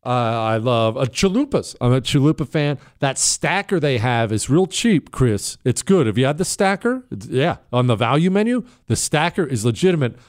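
A man's voice: mid-range voice, very animated, normal speed, hardly any pauses. A man hosting a talk show, delivering an opinionated, emphatic monologue that rambles with plenty of fillers.

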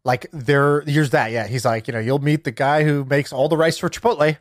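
A man co-hosting a podcast, telling a story in casual chat, lively and full of fillers like "like" and "you know". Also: a little high, normal speed, no room sound, studio quality. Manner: animated storyteller, many fillers, laughs while telling. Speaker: podcast co-host.

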